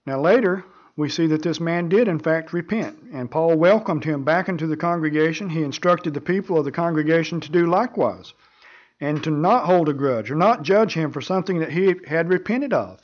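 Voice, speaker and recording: Earnest preaching man, lo-fi sound. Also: fairly high pitch. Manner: earnest, measured preaching with frequent repeated words. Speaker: pastor. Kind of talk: sermon.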